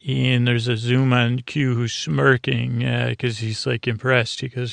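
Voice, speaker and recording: A man hosting a bedtime podcast, recapping an episode in a halting, rambling way full of filler words. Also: medium pitch, little pitch movement, gravelly, fairly bright tone, no room sound. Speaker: podcast host.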